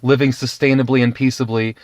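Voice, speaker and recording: A man voicing a calm, gentle male teacher who explains himself earnestly. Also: mid-range voice, fairly quick, no echo, close to an everyday voice.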